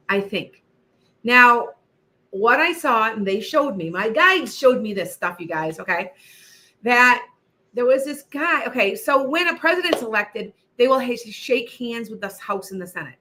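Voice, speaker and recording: Bright-voiced woman chatting on a livestream. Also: fairly high pitch, animated, a little slow. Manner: chatty, rambling with frequent restarts. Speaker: psychic livestream host. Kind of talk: casual livestream chat.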